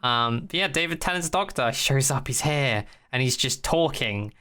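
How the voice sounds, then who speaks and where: Bright-voiced rambling podcast host. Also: medium pitch, normal speed, clear, resonant tone. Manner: rambling and animated, acting out scenes, many fillers. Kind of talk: casual chat recapping a TV episode.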